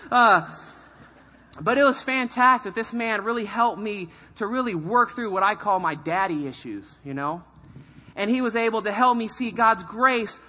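A middle-aged man from California, a pastor telling his life story in a sermon, animated and self-mocking, acting out quoted voices. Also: sits high. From California, USA. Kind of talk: sermon testimony.

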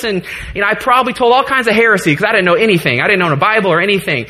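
A man's voice: sits high, fast talker, pushed and bright, breathy edge. A man in his thirties preaching a sermon to his congregation in a church, earnest, joking at times and getting choked up. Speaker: pastor.

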